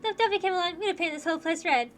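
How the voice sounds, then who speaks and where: A woman's voice: extremely high pitch, a bit bright, soft background music, pitched above the performer's own voice. A woman voicing a brash, teasing young woman mercenary who drags her words out playfully. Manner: playful taunting, drawn-out words. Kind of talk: voicing game dialogue.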